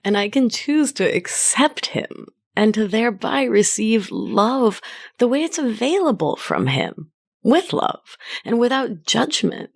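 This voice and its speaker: A woman hosting her own podcast as a life coach, speaking in a gentle, affectionate coaching tone. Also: on the low side. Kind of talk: solo podcast monologue.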